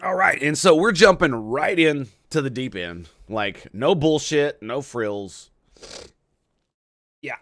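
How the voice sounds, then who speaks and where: A man's voice: a little high, fairly bright tone, no room sound, clean studio sound. A man hosting a casual livestream, theatrical, profane and boisterous as he chats with his viewers. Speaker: streamer host.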